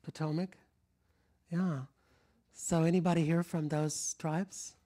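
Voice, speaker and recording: A middle-aged man speaks slowly in a slightly high voice with little pitch movement, telling stories to a live audience in a lecture room. Raised in rural Kentucky, he has trained his accent into General American, and he rambles warm-heartedly, chuckles, moves around and frequently restarts.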